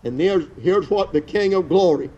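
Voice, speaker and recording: A man's voice: high voice, normal speed, mellow, lo-fi sound. A male pastor preaching outdoors with fervor, repeating phrases and restarting words as he goes. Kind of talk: outdoor sermon. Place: outdoor church service.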